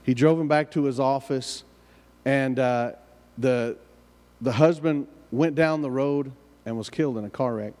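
A man preaching a sermon, his mid-pitched voice ringing with a long tail of reverb from a large hall. He tells an anecdote earnestly, often doubling back on his words before pressing on. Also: a little slow, darkish tone. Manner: earnest, repeats and restarts phrases while telling a story. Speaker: pastor. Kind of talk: sermon storytelling.

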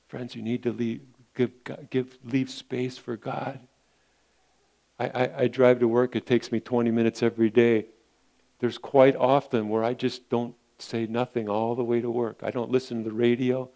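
A man's voice: medium pitch, flat delivery, normal speed, vocal fry, mellow. A male pastor preaching a sermon in an earnest, repetitive way, often calling his listeners friends.

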